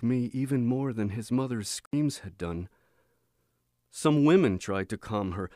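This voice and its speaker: A man reading a book chapter aloud in a measured, expressive audiobook narration. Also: medium pitch, dry recording, clean studio sound. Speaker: audiobook reader.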